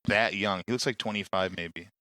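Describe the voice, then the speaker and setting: A man's voice: low-pitched, moderate pace, pushed and bright, no room sound. Swearing man telling stories. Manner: swearing storyteller acting out quotes. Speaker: podcast host. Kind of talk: casual chat.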